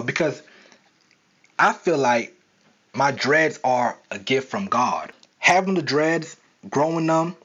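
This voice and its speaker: A man's voice: on the high side, fairly bright tone. A young man with a Southern accent hosting an unscripted solo podcast, talking casually with lots of fillers. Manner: casual, rambling, many fillers. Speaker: podcast host. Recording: dull lo-fi sound.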